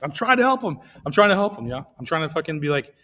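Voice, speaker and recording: A man's voice: on the high side, very animated, quick pace, sharp tone. A man hosting a comedy podcast, telling rambling, profane stories in casual chat. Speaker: podcast host.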